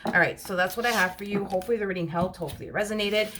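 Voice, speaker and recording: A woman's voice: medium pitch, rapid-fire, background noise. A woman giving a casual tarot reading, chatty and rambling, full of fillers. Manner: chatty, rambling, many fillers and "you know". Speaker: tarot reader.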